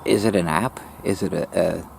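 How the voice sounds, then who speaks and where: A man commenting casually as a channel host, a little hoarse and clearing his throat, puzzled and asking questions while repeating himself. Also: deep voice, normal speed, a little mellow, slight background noise.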